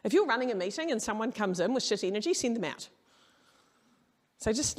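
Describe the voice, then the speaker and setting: A woman's voice: fairly high pitch, expressive, brisk, pauses often. A middle-aged woman giving a humorous keynote talk, brash and storytelling, swearing casually. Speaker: keynote speaker. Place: conference hall.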